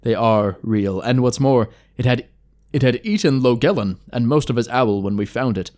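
A man's voice: mid-range voice, moderate pace, a little mellow, close to an everyday voice. A man voicing a formal, earnest male elf scout in a fantasy storybook reading. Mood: solemn, urgent.

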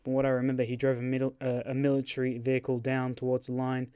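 A man's voice: medium pitch, completely flat delivery, fast, warm tone, clean tone, no echo. A man hosting a casual podcast chat, rambling and joking as he restarts his sentences. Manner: rambling, jokey, trails off and restarts. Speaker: podcast host.

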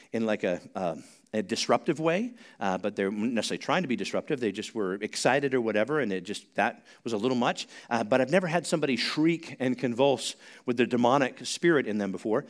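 A male pastor preaching a sermon in church, chatty and joking at times, then rising to loud, emphatic preaching. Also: mid-range voice, lively intonation, brisk. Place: church sanctuary.

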